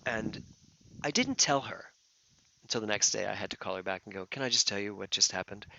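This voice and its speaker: A man giving a talk as a minister, telling a personal story in an earnest, emotional way. His voice moves from hushed to loud. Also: lowish voice, fairly quick, creaky, highs cut off, a little hiss or hum. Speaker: guest speaker, minister.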